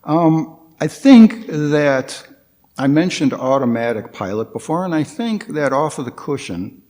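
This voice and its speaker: Slow, lively-pitched man giving a dharma talk. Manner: hesitant, with frequent restarts and pauses. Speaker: guest dharma speaker.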